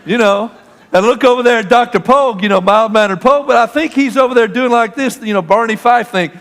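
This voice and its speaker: A man preaching a sermon, telling a personal story with animation and acting out the shouting. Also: extremely high pitch, quick pace. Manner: storytelling, animated, acts out the argument. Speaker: pastor. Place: church sanctuary. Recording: long hall reverb.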